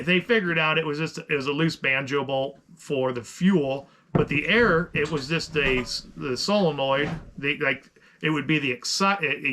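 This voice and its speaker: Middle-aged man, podcast co-host, rambling and animated, slightly high voice with a bright edge. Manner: animated, rambling with many restarts. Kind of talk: casual storytelling chat.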